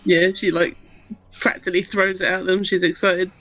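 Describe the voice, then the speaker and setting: A woman's voice: fairly low pitch, little pitch movement, normal speed, fairly bright tone, faint music behind, rough recording. A woman playing a tabletop game, casually describing what her character does. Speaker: player. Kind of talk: casual tabletop role-play.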